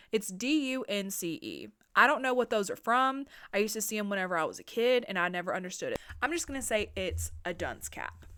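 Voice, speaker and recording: A woman's voice: mid-range voice, clear, resonant tone. Chatty, swearing woman recapping a horror film. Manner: animated, profane, chatty. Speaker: podcast host. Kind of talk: casual movie recap.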